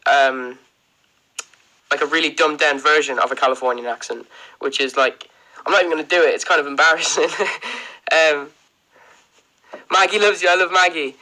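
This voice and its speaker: Brief: Irish guy, fairly high, crisp bright voice, loose rambly livestream Q&A host. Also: fairly even intonation, normal speed, pauses often, low-quality recording. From Ireland. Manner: chatty, rambling, frequent "um" and "like", laughs often. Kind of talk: casual livestream Q&A, reading out viewer comments.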